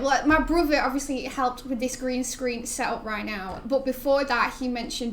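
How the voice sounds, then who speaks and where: A woman's voice: sits high, moderate pace, few pauses, fairly bright tone, a little hiss or hum. A young woman, chatting casually and rambling while she streams a game, laughing often. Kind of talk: casual gaming stream chat.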